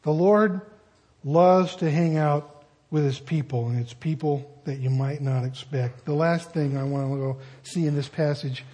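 Male pastor with a high-pitched, husky voice, conversational sermon style with jokes. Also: a little slow, warm tone. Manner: conversational, joking asides.

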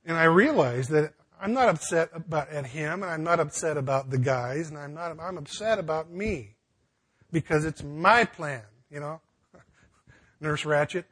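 Husky, higher-pitched male preacher. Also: unhurried, a bit bright. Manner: conversational, with frequent restarts and folksy asides. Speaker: pastor. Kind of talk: sermon.

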